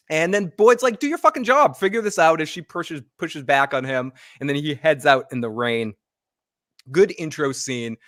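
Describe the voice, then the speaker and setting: A man's voice: mid-range voice, fairly bright tone, no echo, studio quality. A man recapping a TV episode as co-host in a casual, rambling way, acting out quotes from the characters, a little out of breath. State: a bit out of breath.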